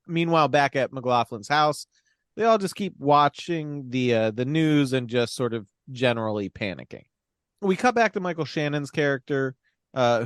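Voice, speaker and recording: With a voice on the high side, this man co-hosts a podcast and wryly recaps a movie in loose, profane conversation full of fillers. The tone is clean, and the studio-quality recording has no room sound.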